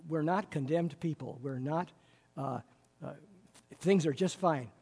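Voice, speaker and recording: A man with a slightly high, husky voice teaches a Bible class, working through word meanings with eager enthusiasm and plenty of fillers. His tone is mellow rather than bright. A long reverb trails behind every phrase. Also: a little slow. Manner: explanatory, enthusiastic, with frequent fillers. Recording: reverberant room.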